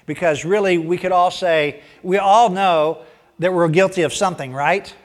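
A man preaching a sermon, animated, rising loud on emphasis and dropping to hushed asides. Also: high-pitched, normal speed. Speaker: pastor.

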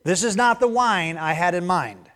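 Folksy farmer scolding his vines, played by a man, storybook sermon telling, higher pitch. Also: moderate pace, bright, forceful tone. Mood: coaxing. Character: weary grape farmer talking to his vines.

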